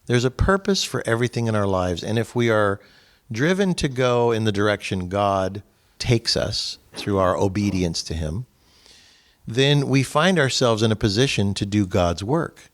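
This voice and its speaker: A middle-aged man leading a faith group, telling a story from his own life as a lively retelling with quoted dialogue. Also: fairly low pitch, moderate pace. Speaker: discussion leader at a faith group. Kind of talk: storytelling talk with a faith message.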